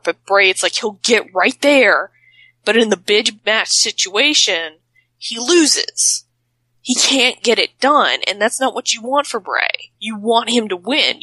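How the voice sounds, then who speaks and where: A woman co-hosting a casual wrestling talk show, chatty and excitable, with teasing asides. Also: mid-range voice, no echo, poor audio. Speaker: podcast co-host.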